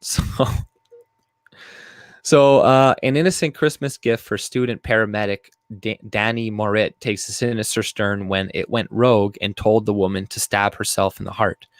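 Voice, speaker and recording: A man with a fairly low voice talks through news stories in a loose, rambling way. He swears a lot and reads articles aloud between his comments. The recording is dry, with almost no room sound. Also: steady tone, normal speed, no room sound. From Canada. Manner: rambling and profane, with frequent fillers and laughs. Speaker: video commentator. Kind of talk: casual reaction commentary, reading articles aloud.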